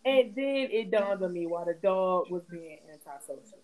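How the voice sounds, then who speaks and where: A woman's voice: normal speed, poor audio. A young adult woman hosting a podcast, telling a story in casual, profane chat and acting out every quote. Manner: animated, profane, acts out quotes with big pitch jumps. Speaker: podcast host.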